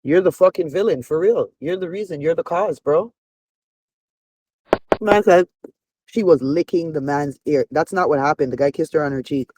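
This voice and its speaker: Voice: medium pitch, noisy background. A speaker in their forties giving heated reaction commentary, blunt and profane, scolding and firing off rhetorical questions. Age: 40s. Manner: rapid-fire rhetorical questions. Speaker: commentator reacting to a reality show.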